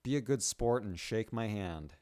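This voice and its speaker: A man's voice: fairly low pitch, animated, moderate pace, a little mellow, clear, resonant tone, lightly acted. A man doing a smug, gloating young jock. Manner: smug, taunting.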